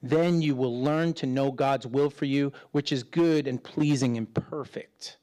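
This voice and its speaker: A middle-aged man preaching as a pastor in a chatty way, acting out quoted voices and swinging between loud and hushed. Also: medium pitch, fairly even intonation, a little slow. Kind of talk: sermon.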